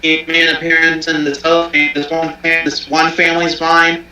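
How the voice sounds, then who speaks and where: A man's voice: on the high side, moderate pace, distant mic. A man chatting casually and animatedly, telling a profane anecdote. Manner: animated, profane, acts out quotes. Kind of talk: casual chat, storytelling. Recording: echoey room, faint music behind.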